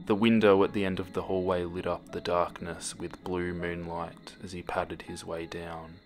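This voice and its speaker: Man, horror story narration, very deep voice, music playing behind. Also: normal speed. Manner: steady, dramatic reading with hushed moments.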